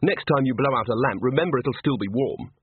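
A man's voice: medium pitch, animated, fairly quick, slightly rough, no echo. A man voicing a sarcastic young man. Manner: sarcastic, clipped. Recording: dry, tinny phone-like audio.

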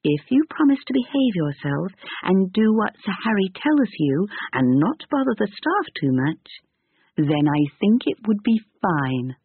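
A man voicing a brisk, proper elderly grandmother in a storybook reading, on a tinny narrow-band recording. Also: sits high, very animated, breathy edge, no echo, voice pushed up, heavily acted.

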